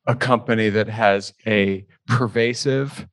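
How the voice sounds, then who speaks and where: A man's voice: on the low side, steady tone, unhurried, fairly bright tone, dry recording. A man hosting a casual podcast chat, asking probing questions with a jokey manner. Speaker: podcast host.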